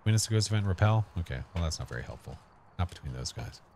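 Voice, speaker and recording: A man with a fairly low voice streams a horror game, swinging up and down in pitch as he jokes with chat and taunts the ghost. He talks into a desk microphone at home, with a faint room ambience underneath. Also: animated, fast talker, noisy background. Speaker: gaming streamer.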